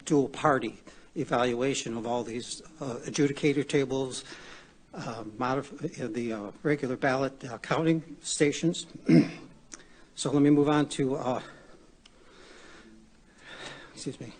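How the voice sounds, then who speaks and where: A man out of breath, giving unscripted testimony at a hearing, halting with many pauses and restarts. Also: medium pitch, fairly even intonation, a little hiss or hum. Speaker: public testimony witness.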